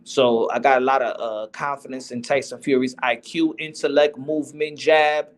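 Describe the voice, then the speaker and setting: A man's voice: medium pitch, fairly even intonation, normal speed. A man hosting a boxing podcast, talking in a casual, slangy street style. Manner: slangy, loose street talk. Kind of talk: casual chat.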